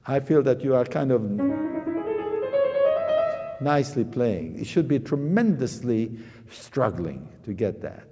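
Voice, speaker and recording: This man's mid-range voice is sing-song and slow, with frequent pauses, as he coaches a piano student in a master class. He speaks emphatically and sings lines on "pa" and "da" syllables, while loud piano echoes through a hall with long reverb.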